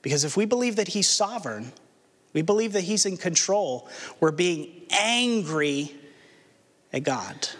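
A man preaching a sermon in an earnest manner, asking rhetorical questions and slowing down for emphasis. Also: sits high, animated, fairly bright tone, long reverb tail. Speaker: pastor.

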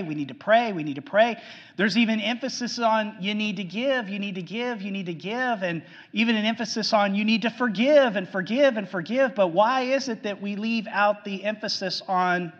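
A man preaching a sermon earnestly, repeating his points and swinging from loud emphasis to hushed low lines. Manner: earnest, repetitive, frequent restarts, swings between loud emphasis and hushed lows. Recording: muffled sound with long hall reverb.

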